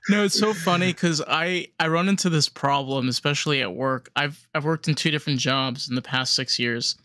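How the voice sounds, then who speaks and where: A man's voice: a little high, moderate pace, pushed and bright, no echo, studio quality. A man from the United States hosting a podcast interview, talking casually, joking and swearing freely. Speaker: podcast host.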